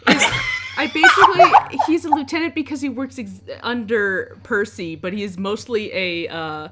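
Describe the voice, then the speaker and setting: A woman's voice: mid-range voice, moderate pace. A woman running a tabletop game as game master, chatting casually and rambling, over a noisy mic.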